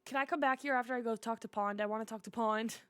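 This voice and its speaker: A young woman streamer chatting casually and softly emotional while playing and reading a cozy game. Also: fairly high pitch, steady tone, quick pace, no room sound.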